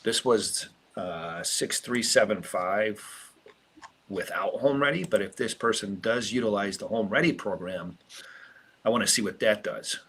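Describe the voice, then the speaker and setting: A man's voice: on the low side, unhurried, a bit bright, breathy edge. A man working as a loan officer, answering questions hesitantly with many ums. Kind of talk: casual answers on a live stream.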